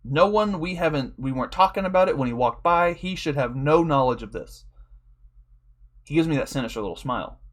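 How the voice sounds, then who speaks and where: A man's voice: on the high side, lively intonation, brisk. A man telling a long, rambling story in a casual, profane way, laughing often as a draft league coach.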